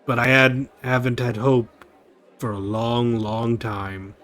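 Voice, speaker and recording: A man's voice: mid-range voice, level tone, slow, fairly bright tone, voice pushed down. A man reading as a morose disgraced crusader. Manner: gloomy, weary reading of game dialogue. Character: morose disgraced male crusader, guilt-ridden. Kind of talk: reading game dialogue aloud.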